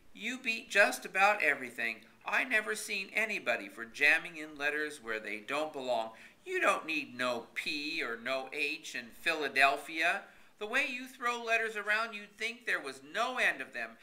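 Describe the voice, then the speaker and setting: A man's voice: fairly high pitch, big pitch swings, unhurried, sharp tone, pitched above the performer's own voice, full character voice. A man voicing a stubborn rural man who argues fussily about spelling, in folksy ungrammatical speech. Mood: exasperated. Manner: folksy rural grammar, argumentative.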